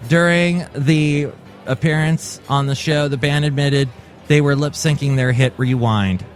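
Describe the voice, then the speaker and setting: Man in his forties, podcast host, jokey storyteller, fairly high voice, faint music. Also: steady tone, unhurried. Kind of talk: comic solo podcast.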